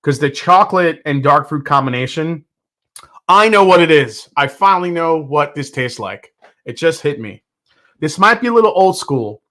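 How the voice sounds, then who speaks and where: A man hosting a live whiskey tasting, talking in a rambling, excitable way with lots of fillers and restarts. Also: fairly high pitch, moderate pace. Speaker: whiskey reviewer, host. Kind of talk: casual live tasting review.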